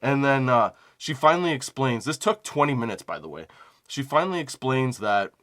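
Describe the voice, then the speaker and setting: A young man hosts a comedy podcast, telling a personal story in a rambling, profane way. His voice sits at an average pitch. He laughs at his own lines and gets louder and higher when acting out the phone calls. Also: normal speed. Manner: animated quoting of phone calls. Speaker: podcast host.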